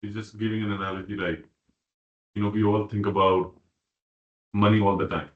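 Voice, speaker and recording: A man with a low voice speaks softly in a study group, thinking aloud with "I think" and "right?". The audio is dull and the room is echoey. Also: flat delivery, a little fast. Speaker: class participant. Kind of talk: group discussion and reading aloud.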